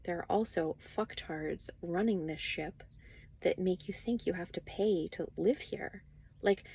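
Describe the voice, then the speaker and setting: A woman's voice: lowish voice, a little slow, gravelly, warm tone, husky, no echo. A woman vlogging a rambling, profane, casual spiritual monologue.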